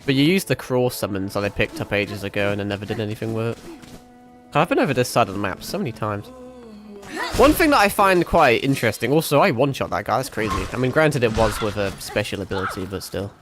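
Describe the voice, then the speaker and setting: A man's voice: lowish voice, animated, quick pace, music in the background. A man born in Britain, streaming a game, chatting in a rambling, sweary, self-mocking way. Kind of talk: casual gameplay commentary.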